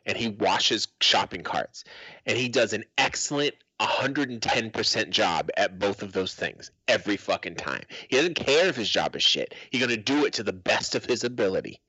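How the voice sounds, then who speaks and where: Animated, foul-mouthed middle-aged man. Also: lowish voice, normal speed, breathy edge, no room sound, low-quality recording. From Arizona. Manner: animated storyteller, swears freely, acts out quotes. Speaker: podcast co-host. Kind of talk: casual chat.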